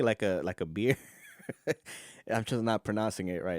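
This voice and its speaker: A man with a lowish voice talks loosely and off the cuff on his own podcast. He swears freely, laughs often, and drifts from point to point. The sound is dry and close to the mic. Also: a little slow, no room sound. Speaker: podcast host. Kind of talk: solo podcast chat.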